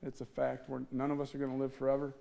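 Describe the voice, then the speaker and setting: A man's voice: mid-range voice, completely flat delivery, fast talker, gravelly, warm tone. A man from the Midwest giving an earnest testimony talk on stage, telling his story with feeling and acting out the voices he quotes. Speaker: speaker. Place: on stage before an audience.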